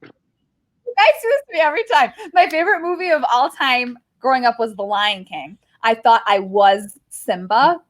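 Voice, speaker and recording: A woman's voice: fairly high pitch, animated, moderate pace, rough recording. A young woman hosting a social media segment on a sports talk show, chatting casually and laughing at herself. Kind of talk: casual chat.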